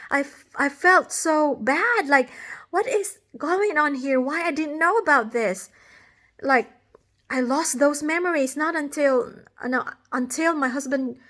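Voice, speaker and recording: A woman's voice: high voice, a bit bright. A woman recounting a dream in casual storytelling, earnest and emotional, rambling with many restarts and fillers.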